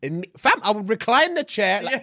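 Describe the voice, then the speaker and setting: A man co-hosting a casual podcast, loud and laughing. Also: high voice, very animated, normal speed. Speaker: podcast co-host.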